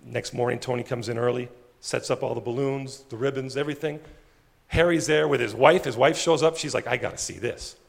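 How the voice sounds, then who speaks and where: A male pastor preaching a sermon with animated storytelling, dropping his voice low for emphasis. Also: fairly quick, gravelly, long reverb tail.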